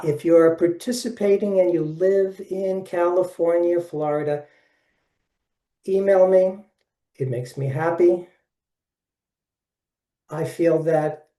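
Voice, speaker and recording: A man in his seventies with a Brooklyn accent leads a webinar in a cheerful, chatty way, speaking right to his audience. His voice sits a little high, with a soft, mellow tone. He sounds set back from the microphone, in a room that echoes. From Brooklyn, New York. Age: 70s. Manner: folksy, upbeat, addresses listeners directly. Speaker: workshop presenter. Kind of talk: webinar presentation. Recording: distant mic in an echoey room.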